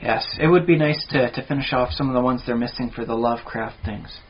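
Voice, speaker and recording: A man's voice: mid-range voice, a little fast. A man co-hosting a podcast in casual chat, explaining at length with asides. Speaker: podcast co-host. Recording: dull lo-fi podcast audio, faint hiss.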